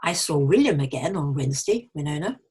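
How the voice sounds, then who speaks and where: A woman's voice: deep voice, expressive, fairly quick, a little mellow, breathy edge, heavily acted. A woman reading as a chatty young woman who tells her friend about a walk, in a scripted pronunciation-lesson dialogue. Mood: cheerful.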